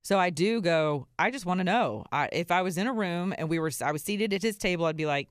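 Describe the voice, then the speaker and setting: Woman host, low voice, dry close sound, sarcastic and animated delivery. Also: brisk, hardly any pauses, clean tone, no room sound. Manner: animated, laughing, sarcastic asides. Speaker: political commentary host. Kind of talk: casual political commentary.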